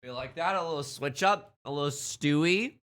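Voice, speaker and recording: A man's voice: fairly high pitch, normal speed, fairly bright tone. A man chatting casually on a live stream, greeting viewers and talking while he eats. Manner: upbeat, greets chatters, talks while eating.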